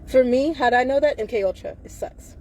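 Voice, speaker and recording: A woman holds forth in a live video monologue. Her voice sits a little high but sounds mellow and warm. She talks fervently and keeps circling back to rhetorical questions. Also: brisk. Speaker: livestreamer.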